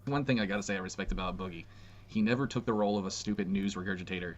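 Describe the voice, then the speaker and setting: A very deep-voiced man rants fast and brashly, full of slang and "bro". His voice comes through a dull lo-fi clip with faint noise behind it. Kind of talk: casual rant.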